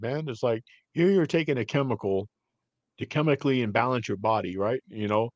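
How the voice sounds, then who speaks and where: A man's voice: medium pitch, fairly quick, dry recording, highs cut off. A middle-aged man hosting a podcast, chatting casually and rambling through stories, sprinkling his talk with "man" and "dude". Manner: rambling, animated storytelling with frequent "man" and "dude". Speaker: podcast host. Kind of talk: casual chat.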